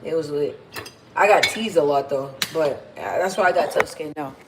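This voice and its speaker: A woman chatting casually with viewers, telling stories in a slangy, animated way. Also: deep voice, moderate pace. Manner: animated, slangy storytelling with acted-out quotes. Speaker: streamer answering viewer questions. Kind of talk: casual chat. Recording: roomy echo, faint background hum.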